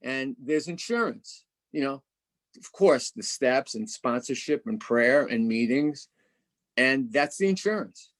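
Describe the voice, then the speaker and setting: Brief: man, guest speaker at a recovery meeting, candid and self-mocking, stammers, mid-pitched voice, video call. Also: lively intonation, a little slow, fairly bright tone. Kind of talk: personal share at a recovery meeting.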